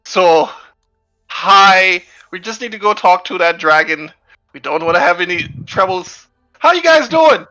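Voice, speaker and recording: A man's voice: high-pitched, animated, measured pace, pushed and bright, soft background music, voice pushed up, full character voice, poor audio. A man doing a friendly Medusa snake-woman. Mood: placating. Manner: eager, peace-making chatter.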